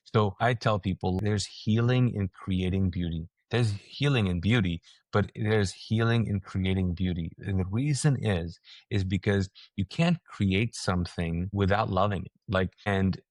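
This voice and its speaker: A man's voice: unhurried, few pauses, dry recording. A man, a pastor and author, talking as a guest in a casual, preaching way and acting out quoted reactions. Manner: energetic, acts out quoted reactions with rising pitch. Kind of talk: animated conversational preaching.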